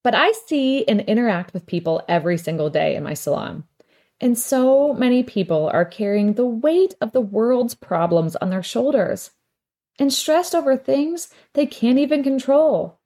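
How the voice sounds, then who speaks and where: Animated and fairly high-pitched, with a dark tone, she keeps a moderate pace. The speaker, a middle-aged salon owner who hosts a podcast, tells rambling, chatty stories in a casual monologue and laughs a lot.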